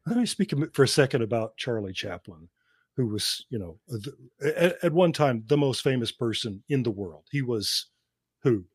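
Here a podcast co-host and cinema professor talks through film history much as he would in class, though the conversation stays casual and he laughs between points. His mid-range voice is expressive and breathy, at normal speed, recorded cleanly in a studio with no echo.

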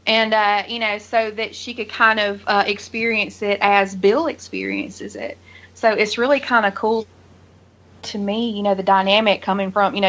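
A woman's voice: medium pitch, fairly bright tone, lo-fi sound. A woman chatting as a guest on a podcast, talking with enthusiasm and lots of fillers. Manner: enthusiastic, rambling, many "you know" fillers. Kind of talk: casual chat.

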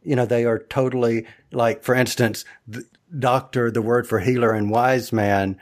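A man's voice: medium pitch, fairly even intonation, moderate pace. A man hosting a casual discussion podcast, often stumbling and repeating his words. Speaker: podcast host.

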